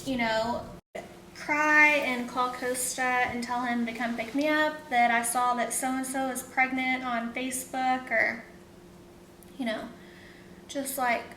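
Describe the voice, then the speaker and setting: A woman's voice: steady tone, slow pace, sharp tone. A young woman, a vlogger, casually telling a personal story in a rambling, emotional way with many fillers. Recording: roomy echo, faint rumble.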